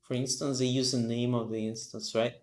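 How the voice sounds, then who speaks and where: A man's voice: mid-range voice, flat delivery, fairly quick, a little mellow, roomy sound. Sleepy man thinking aloud on stream. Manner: thinks aloud, reads docs aloud, frequent fillers. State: sleepy, yawning. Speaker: live-streaming developer. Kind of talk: casual live-coding stream.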